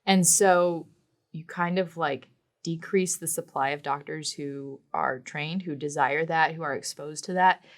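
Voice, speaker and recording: A woman's voice: sits low, steady tone, measured pace. A woman co-hosting a casual podcast, explaining her points earnestly with frequent fillers. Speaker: podcast co-host.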